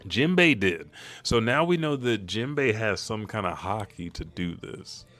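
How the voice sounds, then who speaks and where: A man casually recapping comic chapter events with profanity and animated storytelling. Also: measured pace, dry recording. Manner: profane, animated storytelling, bursts into high-pitched character quotes. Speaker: manga spoiler commentator. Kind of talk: casual recap with acted-out character lines.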